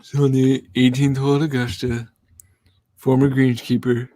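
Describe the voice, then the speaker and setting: A man doing a hushed, dreamy greenskeeper impression. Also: medium pitch, little pitch movement, moderate pace, slight background noise, lightly acted. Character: dreamy muttering golf greenskeeper, male, middle-aged.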